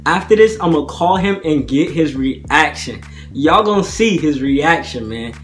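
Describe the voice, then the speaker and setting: Chatty young man, fairly high voice. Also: animated, measured pace, fairly bright tone, soft background music. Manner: chatty, slangy, keeps asking "you feel me". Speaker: prank vlogger. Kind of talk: casual talk to camera.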